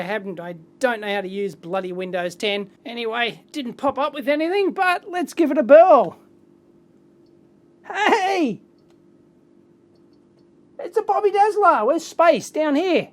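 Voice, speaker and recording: In a casual mailbag unboxing for an electronics video, an Australian-accented man opens his mail hands-on. His pitch is extremely high, and he's excitable and chatty, full of quick exclamations.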